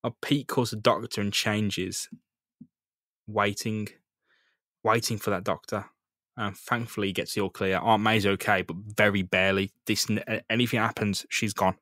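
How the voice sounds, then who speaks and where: A man's voice: on the low side, level tone, moderate pace, a bit bright, no echo, clean studio sound. A man co-hosting a podcast in casual chat, recapping a comic book in a laid-back way, swearing freely and laughing often. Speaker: podcast co-host.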